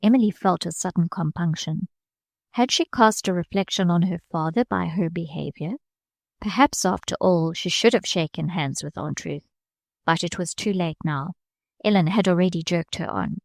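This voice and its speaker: A woman with a low, gravelly voice reads a classic novel aloud in a measured, steady way. The sound is dry and close, with no room around it. She lifts her pitch a little when quoting characters. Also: no room sound. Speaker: audiobook narrator. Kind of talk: scripted narration of a classic novel.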